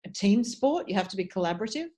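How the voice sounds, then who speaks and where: An articulate middle-aged Australian woman chatting about her craft as a dialect coach. She speaks at an everyday pitch, animated and thoughtful, often circling back and restarting phrases as she works out her point. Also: quick pace. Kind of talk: casual interview chat.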